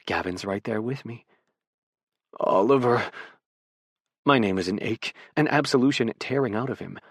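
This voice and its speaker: A man narrating a first-person romance audiobook in a soft, intimate, unhurried way, close to a studio mic in a recording booth. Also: fairly low pitch, breathy edge, no room sound.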